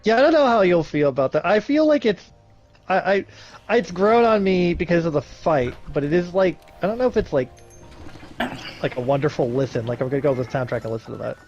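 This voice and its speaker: Man, high voice, very lively, casual gaming chat, giggly rambling, dull lo-fi sound, faint music behind. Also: a little fast. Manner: laughs often, rambling with restarts. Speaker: gamer on a group voice chat.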